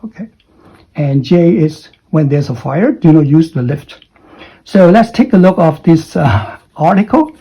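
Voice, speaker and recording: Slow, husky male English teacher. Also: on the high side, lively intonation, warm tone. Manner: patient, explaining, often checks with "okay?". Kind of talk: recorded lesson. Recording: dull lo-fi recording.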